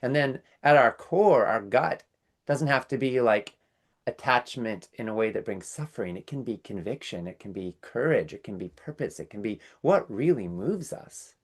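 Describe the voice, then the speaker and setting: A man's voice: medium pitch, lively intonation, moderate pace. A man hosting a workshop, reflecting earnestly on a guest's story and listing ideas one after another. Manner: earnest, lists ideas in series. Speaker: workshop host. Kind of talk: reflective commentary.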